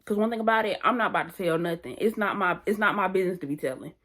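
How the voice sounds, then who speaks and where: A young woman vlogger telling a story in a casual, animated and slangy way, often repeating phrases. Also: mid-range voice, very fast. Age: young adult.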